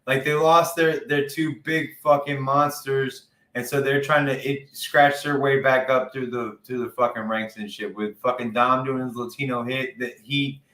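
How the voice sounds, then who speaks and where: A man in casual conversation, rambling through his opinions with plenty of swearing. His voice sits in a roomy space with a clear echo behind it. The pitch stays at an ordinary middle level for a man. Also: steady tone, moderate pace, hardly any pauses, bright, forceful tone. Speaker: podcast co-host. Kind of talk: casual wrestling chat.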